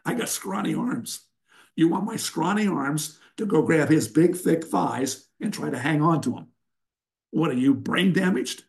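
A man's voice: on the high side, expressive, a little slow, gravelly, darkish tone. An older man, a wrestling coach and guest, giving blunt, emphatic instruction and telling sarcastic stories in an interview.

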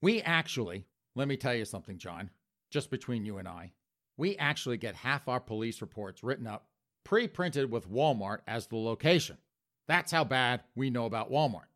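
A man's voice: medium pitch, animated, normal speed, fairly bright tone, voice pushed down, close to an everyday voice. A man playing a blunt police officer who talks in a chatty, conspiratorial, gossipy way.

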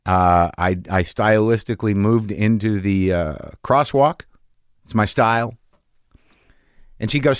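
A man's voice: on the low side, measured pace, pauses often, clean tone, dry recording, studio quality. A man in his late forties hosting a podcast, telling a rambling, self-mocking comic story and then chatting with a guest. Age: late 40s. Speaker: podcast host. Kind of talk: comic monologue and interview. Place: home studio.

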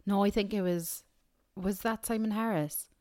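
A woman's voice: medium pitch, steady tone, moderate pace, warm tone, dry recording, clean studio sound. A young woman co-hosting a podcast in laid-back chat with short replies and easy laughter. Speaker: podcast co-host.

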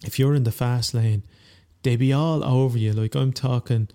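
Irish guy chatting, low flat dark voice, thinks out loud. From Ireland. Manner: measured, thoughtful, restarts often. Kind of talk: casual chat. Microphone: own microphone.

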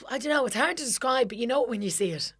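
A woman's voice: a little high, animated, racing, fairly bright tone, slightly rough. A woman from Ireland with an Irish accent, co-hosting a podcast in casual chat, swearing a lot and talking with emphatic energy. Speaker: podcast co-host.

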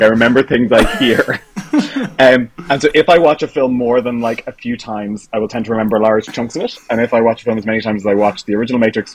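A man's voice: mid-range voice, slight background noise, poor audio. A man speaking as a podcast guest in casual chat, laughing often and poking fun at himself. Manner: laughs often, self-deprecating.

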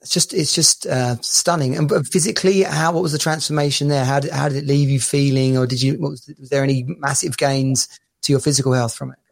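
A man's voice: mid-range voice, fairly even intonation, fairly quick, creaky. A man hosting a podcast, asking questions in a conversational, hesitant way with many fillers. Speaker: podcast host. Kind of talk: casual interview.

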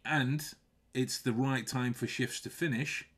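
A man hosts a relaxed podcast conversation at an ordinary middle pitch. He often stumbles, restarts his sentences and laughs between points. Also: a little slow, breathy edge. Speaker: podcast host. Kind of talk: casual podcast chat.

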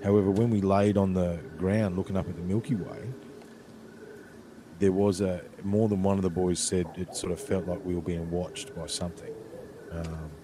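An Australian man telling a camping story in a relaxed, drawn-out way, filling pauses with "you know.". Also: sits low, background noise. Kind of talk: casual storytelling.

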